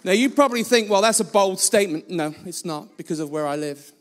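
A man's voice: high voice, animated, a little fast, long reverb tail. A man preaching a sermon as a guest speaker in a church, blunt and self-mocking in his delivery. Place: church hall.

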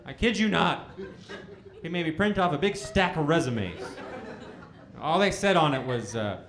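A man's voice: fairly high pitch, lively intonation, moderate pace. A man in his thirties doing a stand-up comedy set in a bowling alley venue, telling stories animatedly and acting out the dialogue in shifting voices. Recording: roomy live venue with crowd laughter.

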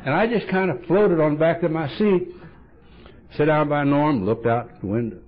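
A man's voice: a little high, normal speed. A man giving a humorous storytelling talk as a recovery meeting speaker, blunt and wry, acting out bits of dialogue. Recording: dull lo-fi tape recording.

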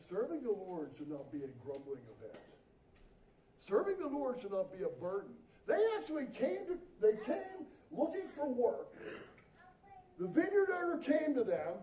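A middle-aged man preaches in a lively storytelling way, slipping into the voices he quotes. His voice sits high but mellow, and the recording picks him up from a distance in an echoey church, a little dull and muffled. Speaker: pastor. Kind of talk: sermon. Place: church sanctuary.

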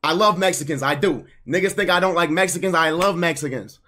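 A man's voice: on the high side, fairly quick, pushed and bright. A young man streaming, ranting in casual, profane, heated slang. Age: young adult.

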